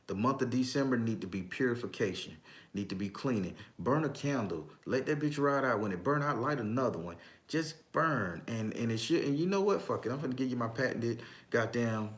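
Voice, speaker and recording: A man hosting a casual livestream as a tarot reader, talking emphatically and profanely, reading viewers' comments aloud and often laughing. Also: on the low side. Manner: breaks into frequent laughter.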